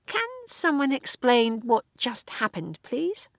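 A woman voicing a gentle, anxious young woman who speaks high and tentatively. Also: very animated, slow, vocal fry, dry recording, studio quality, exaggerated voice. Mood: bewildered.

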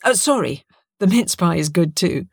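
A woman's voice: on the low side, lively intonation, moderate pace, creaky, no room sound, studio quality. Storybook: chirpy eager young woman, playful lilt, put on by the female reader.

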